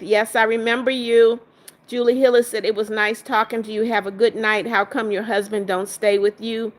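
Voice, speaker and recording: A woman hosting a casual livestream, reading viewers' comments aloud, greeting them and firmly sending out trolls. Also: on the high side. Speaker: livestream host.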